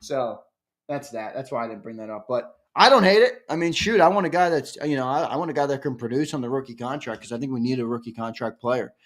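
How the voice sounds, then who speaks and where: A man hosting a casual live-stream sports fan show, chatting with viewers and breaking into loud, excited hollers. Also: mid-range voice, quick pace.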